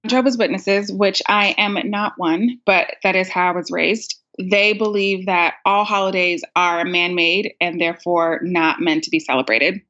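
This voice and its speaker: A woman's voice: on the low side, steady tone, normal speed, hardly any pauses, fairly bright tone. Young woman, self-mocking, lo-fi. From United States. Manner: laughing often, self-mocking. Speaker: caller. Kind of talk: casual storytelling. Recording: dull lo-fi sound.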